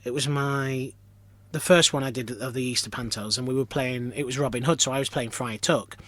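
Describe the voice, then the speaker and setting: A man's voice: mid-range voice, fairly even intonation, fairly quick. A man from Lancashire, a pantomime performer, chatting as a podcast guest in a self-deprecating storytelling manner with many restarts. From Lancashire, England. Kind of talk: casual interview chat.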